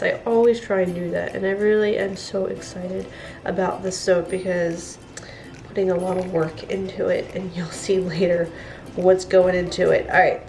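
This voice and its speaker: A woman hosting a soap making video, chatting casually with frequent laughs while congested from a cold. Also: medium pitch. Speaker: soap maker and channel host. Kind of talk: casual tutorial chat. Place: indoor crafting room at home. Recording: echoey room with music behind.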